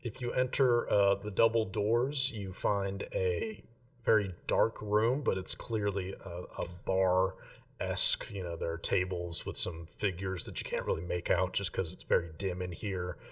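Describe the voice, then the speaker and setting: A man narrating as game master in a relaxed, rambling way with many fillers. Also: deep voice, unhurried, recorded from a distance.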